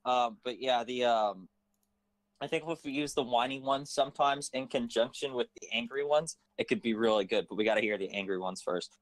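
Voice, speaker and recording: A man's voice: mid-range voice, brisk, dry recording, low-quality recording. Man directing a voice session, rambling, fillers, dry close sound. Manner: hesitant, rambling with many fillers. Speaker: writer and director. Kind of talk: casual directing chat. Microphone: phone.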